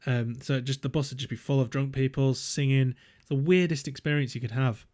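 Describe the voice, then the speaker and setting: A man's voice: medium pitch, steady tone, fairly quick, darkish tone. A young man, co-hosting a podcast and telling rambling stories in a casual chat, full of "um"s and swearing. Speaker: podcast co-host.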